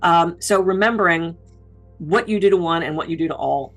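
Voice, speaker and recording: Woman keynote speaker with a slightly low voice, chatty and relatable, telling stories. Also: normal speed, faint music behind. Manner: expressive, down-to-earth storytelling. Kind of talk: conversational speaking advice.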